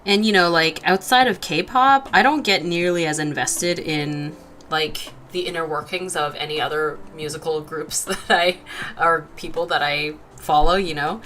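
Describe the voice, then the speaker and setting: A woman's voice: low-pitched, moderate pace, fairly bright tone, a little hiss or hum. Giggly young woman chatting while drawing. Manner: chatty, giggly, lots of fillers, reads chat aloud. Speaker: art livestream host. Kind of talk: casual chat while drawing.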